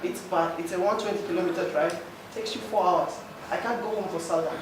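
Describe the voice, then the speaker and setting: A Nigerian man with a high, brisk voice gives a heated, emotional, pleading comment at a forum. He uses a handheld mic but is far from the recording mic, in a big, echoey, noisy hall.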